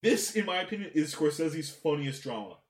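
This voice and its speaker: A man hosting a casual film discussion podcast, animated, swearing, with many fillers and restarts. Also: a little high, brisk. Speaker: podcast host. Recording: roomy echo.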